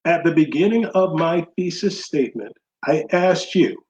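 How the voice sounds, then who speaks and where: A man's voice: on the high side, lively intonation, moderate pace, darkish tone, roomy sound, poor audio. A man in a heated religious debate who keeps saying "bro" and tries to steer the talk back to his argument.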